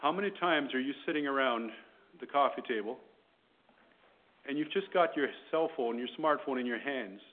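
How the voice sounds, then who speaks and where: A man preaching a sermon with passion, swinging between loud, rising appeals and quiet, pointed questions. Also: medium pitch, moderate pace. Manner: impassioned, rising loud then dropping quiet. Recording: tinny phone-line sound.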